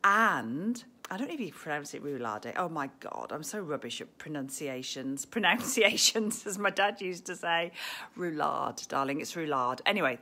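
A woman hosting a live-streamed shop tour. She is chatty and gushing, sometimes dropping to a hushed near-whisper, and speaks into a handheld phone in an indoor shop. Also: low-pitched. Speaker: shop host. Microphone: phone camera held in hand.

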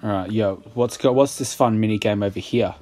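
A man's voice: lowish voice, brisk, warm tone, soft background music. A young man giving casual gameplay commentary, sarcastic and exasperated and swearing a lot at the game. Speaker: gaming YouTuber.

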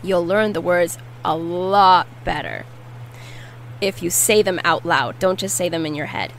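A woman teaching a language lesson, repeating each word slowly and carefully. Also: lowish voice, gravelly, slight background noise, poor audio. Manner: slow, careful repetition of words. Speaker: Spanish teacher.

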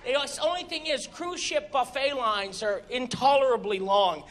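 A male stand-up comedian telling stories on stage with animated exasperation. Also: very high-pitched, normal speed. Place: comedy stage before an audience. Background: audience laughter.

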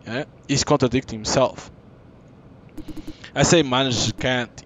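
Man giving relaxed gameplay commentary. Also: medium pitch, unhurried, slight background noise. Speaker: gaming channel host.

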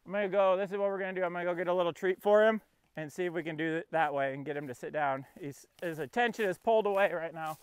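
Fast-talking and high-voiced, this man sounds clear and resonant, with no echo. He's training his puppy in a field for a casual vlog, coaxing the dog and narrating each step between commands.

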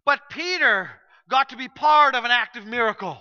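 A man preaching a sermon as pastor, telling a story with sudden shifts from loud to hushed. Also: extremely high pitch, animated, moderate pace, smooth, muffled recording. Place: church sanctuary.

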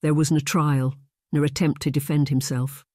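A narrator voicing a proud, hot-headed young Highland warrior, a man with a Scottish accent who speaks in an impassioned, defiant way. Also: flat delivery, moderate pace, warm tone, dry recording, clean studio sound, close to an everyday voice.

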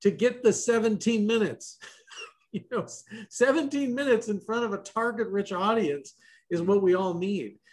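A man's voice: sits high, moderate pace. A man hosting a casual roundtable over a video call, loose and joking. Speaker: host.

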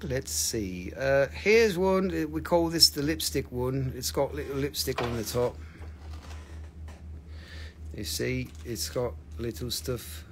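A man's voice: medium pitch, slow, slight background noise. A man hosting a live crystal sale stream, joking playfully and chatting with viewers as he shows each piece. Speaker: host selling crystals on a livestream. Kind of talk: live sales stream chat.

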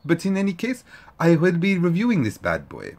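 A man hosting a casual review video in an exaggerated put-on French accent, halting with frequent fillers. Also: a little high, huge pitch swings, very noisy. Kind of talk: casual vlog intro.

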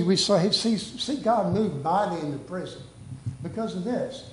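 A man with a high-pitched voice, preaching from the pulpit of a church. He reads scripture in a measured way, then breaks into loose, repetitive preaching full of "hey" and restarts. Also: echoey room, poor audio. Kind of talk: sermon. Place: church sanctuary.

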